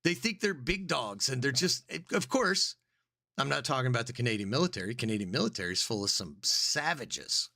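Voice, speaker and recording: A man's voice: brisk, gravelly. A man co-hosting a podcast, chatting casually and rambling with mocking voices. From United States. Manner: animated, rambling, puts on mocking squeaky voices. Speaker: podcast co-host. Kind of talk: casual comedic podcast chat.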